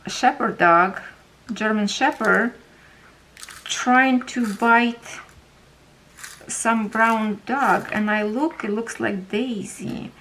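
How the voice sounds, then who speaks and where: Slow, halting woman with a Ukrainian accent. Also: on the high side, a bit bright, a little hiss or hum, low-quality recording. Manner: halting, searching for words. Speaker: craft vlogger. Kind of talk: casual storytelling while organizing.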